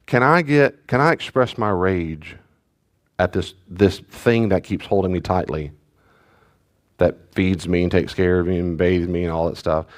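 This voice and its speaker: This is a man with a fairly low voice, a pastor leading a church study class. He talks in a loose, conversational way and drops in joking asides to the people in the room.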